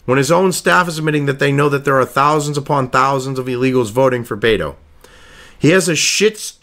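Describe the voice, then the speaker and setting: A man's voice: medium pitch, fairly quick, a bit bright. A man giving profane political commentary, ranting sarcastically and reading news excerpts aloud between crude asides.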